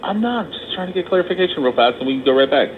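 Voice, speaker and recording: A man's voice: a little high, lively intonation. An eager man who talks in a rush while joining a political chat. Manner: eager, rushed. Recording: tinny phone line with faint noise.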